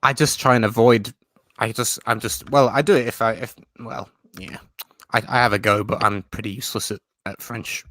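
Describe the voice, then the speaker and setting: A man's voice: mid-range voice, steady tone, normal speed, sharp tone, dry recording. A man hosting a casual live chat, talking in a self-deprecating, rambling way with frequent restarts. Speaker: host.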